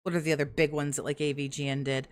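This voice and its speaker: A woman's voice: low-pitched, level tone, racing. A woman hosting casual commentary over stream clips, with crude, sarcastic heckling. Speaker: commentary host.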